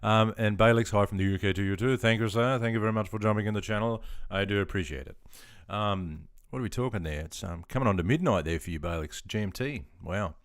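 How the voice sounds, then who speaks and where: An Australian man streaming live, chatting casually in a relaxed, rambling way with frequent ums and chuckles. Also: lowish voice, fast talker, few pauses, no echo, clean studio sound.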